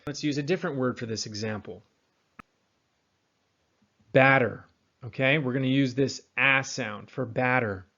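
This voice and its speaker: A man teaching accent and pronunciation, demonstrating sounds slowly and repeating words, with a General American accent. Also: medium pitch, a bit bright, lo-fi sound. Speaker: accent coach.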